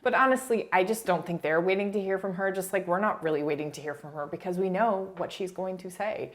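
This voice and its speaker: Low-voiced chatty woman recapping TV. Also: quick pace. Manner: chatty, frequent "like", laughs while talking. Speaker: reality TV recap YouTuber. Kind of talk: casual commentary.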